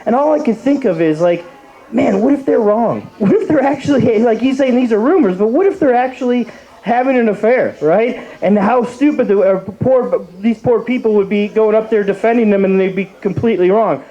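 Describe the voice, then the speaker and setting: A man's voice: sits high, brisk, dark tone, dull audio. A young man from Cleveland doing a rambling open mic stand-up set, full of fillers and restarts. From Cleveland, Ohio.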